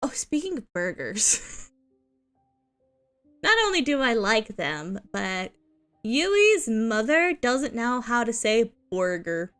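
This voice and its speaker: Young-sounding woman streamer, high and very animated, unhurried delivery over faint music. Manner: giggly, rambling, playful whining. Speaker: VTuber streamer. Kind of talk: casual live-stream chat.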